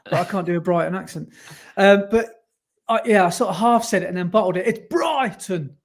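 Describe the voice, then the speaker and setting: A man's voice: sits high, fast. A man co-hosting a casual podcast, chatty and rambling, often correcting himself mid-sentence. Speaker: podcast co-host. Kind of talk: casual chat.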